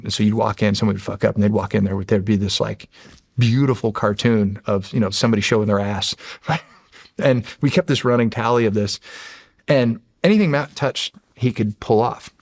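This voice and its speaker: A middle-aged man with a gravelly, rough-edged voice recounts old military stories on a podcast. He talks casually, swears freely and laughs often, and he acts out the other people in his stories. The sound is dry and close, with no room echo. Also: fairly low pitch. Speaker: podcast guest, former Navy SEAL. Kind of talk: casual storytelling.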